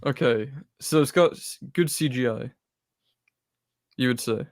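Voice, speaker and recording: A man's voice: medium pitch, unhurried, no echo, studio quality. A man guessing movies on a podcast, thinking aloud and repeating the clues back in casual chat. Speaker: podcast co-host guessing films.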